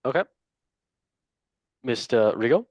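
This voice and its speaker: A man's voice: mid-range voice, expressive, takes it slowly, darkish tone, dry recording. A man hosting a football quiz on a casual podcast, playful and jokey, swearing and laughing often. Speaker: quiz host.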